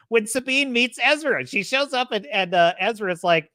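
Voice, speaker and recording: A woman's voice: fairly high pitch, normal speed, few pauses, no room sound, studio quality. A woman hosting a podcast, ranting in a sarcastic, casual way, laughing often and mimicking characters. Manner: animated, swings loud and soft. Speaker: podcast host. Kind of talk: casual opinionated rant.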